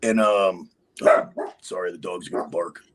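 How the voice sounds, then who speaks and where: A man's voice: low-pitched, measured pace, a bit bright, rough recording. A man speaking as a podcast guest, rambling casually with many fillers. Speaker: guest impersonator. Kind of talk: casual interview chat.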